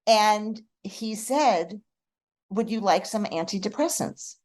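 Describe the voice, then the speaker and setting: A middle-aged woman, a guest on a podcast, telling personal stories in a heartfelt, expressive way. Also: medium pitch, slow. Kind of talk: casual podcast conversation.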